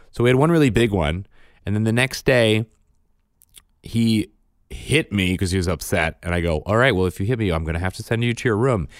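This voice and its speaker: A man's voice: on the low side, dry recording, studio quality. A man, a father, telling a parenting story in casual chat, matter-of-fact in tone. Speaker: podcast co-host and father.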